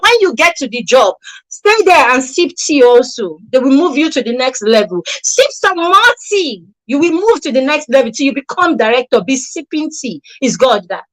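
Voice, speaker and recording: Woman, parenting coach; high voice, punchy rhetorical delivery, sarcastic jabs. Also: sing-song, normal speed, low-quality recording. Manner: emphatic, repetitive, rhetorical questions, sarcastic asides. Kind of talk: motivational talk to parents.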